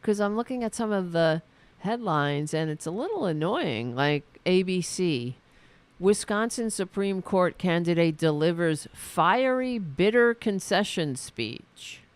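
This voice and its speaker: A man's voice: high voice, animated, clean tone, no room sound. Sarcastic, profane man ranting solo. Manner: halting, with many restarts and fillers. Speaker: political commentary host. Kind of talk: angry solo political rant.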